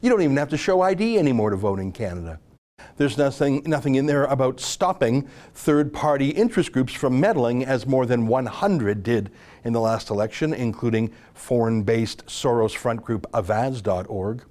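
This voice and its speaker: A man's voice: mid-range voice, lively intonation, normal speed, a little mellow. A man hosting a political commentary segment, speaking in a sarcastic, mocking way. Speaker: commentary show host.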